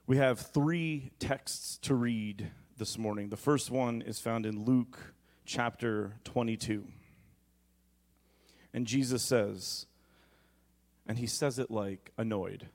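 Unhurried and darkish in tone, a thirty-something pastor with a mid-range voice delivers a sermon. Between scripture readings he jokes conversationally and prompts the congregation to echo his words.

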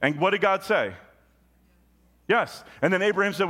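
A male pastor preaching a sermon, telling a story with big swings from loud and high to low and quiet. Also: moderate pace. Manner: animated storytelling with sudden jumps in pitch and volume; drops low and quiet on solemn points.

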